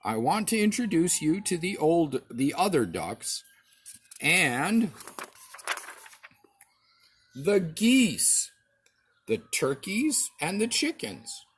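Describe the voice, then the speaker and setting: A man's voice: fairly high pitch, sing-song, slow, pauses often, a little hiss or hum, pitched above the performer's own voice. A man doing a fussy, bossy mother duck. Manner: scolding, motherly instructions.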